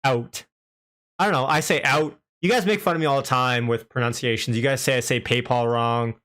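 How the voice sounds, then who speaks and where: A chatty young man with a light Canadian accent hosts a live stream in a relaxed, conversational way. His voice sits at an ordinary middle pitch. He laughs easily and reads viewers' comments aloud as he talks. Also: fast, smooth. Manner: chatty, laughs a lot, reads out chat messages. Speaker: livestream host. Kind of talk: casual live stream chat.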